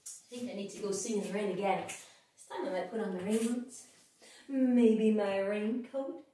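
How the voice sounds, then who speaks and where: A woman's voice: medium pitch, normal speed, slight background noise. A woman in her thirties leading a playful, sing-song yoga class for children. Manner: playful and animated, singing and making animal noises. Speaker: kids yoga teacher. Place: echoey room. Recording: very echoey room, voice far from mic.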